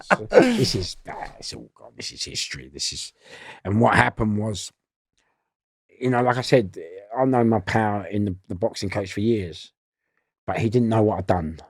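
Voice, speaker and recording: Gravelly London man telling stories. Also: on the low side, normal speed, no echo, clean studio sound. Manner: animated storyteller who acts out voices and laughs often. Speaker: guest. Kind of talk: storytelling in a podcast interview.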